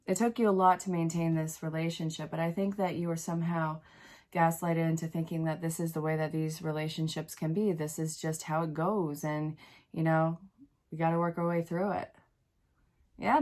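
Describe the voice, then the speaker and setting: A woman's voice: fairly low pitch, a little mellow. A woman in her thirties with the sniffles, giving a casual tarot reading in a frank, encouraging way and talking straight to the viewer. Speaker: tarot reader.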